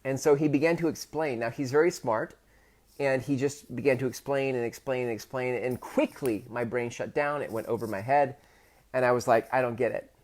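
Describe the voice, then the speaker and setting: A man in his thirties, from the Pacific Northwest, talks through a personal story as a podcast host. His voice sits in a middle pitch. He stumbles and restarts often, and his delivery swells louder when the memory gets emotional. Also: fairly even intonation. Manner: halting, many restarts, gets loud and emotional when retelling.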